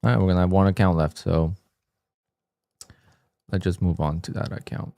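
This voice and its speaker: A man's voice: deep voice, fairly even intonation, normal speed, vocal fry, dark tone, dry recording, studio quality. A man livestreaming his day trading, muttering to himself and scolding himself with sudden frustrated outbursts. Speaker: day trader streaming his trades. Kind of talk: live trading commentary.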